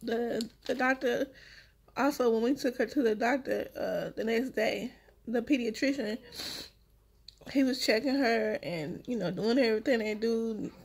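A woman's voice: on the high side, measured pace, breathy edge. A woman vlogger, a week after giving birth, telling her story straight to her viewers in a casual, emotional way. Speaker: vlogger, new mother.

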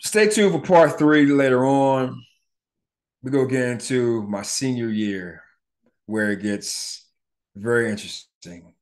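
A middle-aged man, telling a personal story on his podcast in a casual, profane, animated way, acting out the people he quotes. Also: mid-range voice, slow. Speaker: podcast host.

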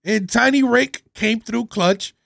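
A man's voice: extremely high pitch, slow, creaky, no room sound, clean studio sound. A man hosting a reaction video, casually commenting in a slangy way. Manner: laid-back, excited outbursts, slang.

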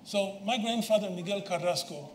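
A man's voice: high voice, moderate pace, slight background noise. An older man giving a reflective public lecture to a live audience, with Spanish words woven into his talk. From United States. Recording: roomy hall echo, faint ambience.

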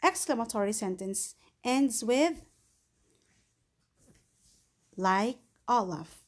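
A woman's voice: a little high, lively intonation, a little slow. A woman with a Filipino accent teaching a grammar lesson to young English learners, patiently repeating points and reading example sentences aloud with emphasis. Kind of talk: slow, deliberate online lesson for young learners.

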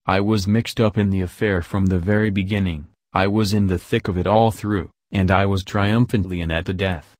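A man's voice: deep voice, fairly even intonation, moderate pace, hardly any pauses, a little mellow, dry recording, clean studio sound. A man reading as a young woman who eagerly tells her own adventure story.

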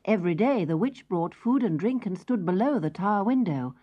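A woman narrating a children's fairy tale in a slow, expressive sing-song, dropping at times to soft whispers, on a lo-fi tape. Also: mid-range voice. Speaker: storyteller. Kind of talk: scripted children's story narration. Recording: lo-fi tape with faint music.

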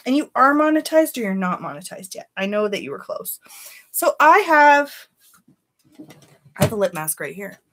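A woman's voice: medium pitch, big pitch swings, moderate pace, long pauses, a bit bright. A woman chatting casually on a beauty live stream, greeting viewers by name and giving candid opinions.

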